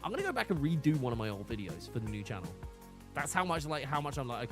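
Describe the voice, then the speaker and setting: A man's voice: medium pitch, sing-song, quick pace, over music. A man streaming live, chatting casually and animatedly, often restarting and laughing.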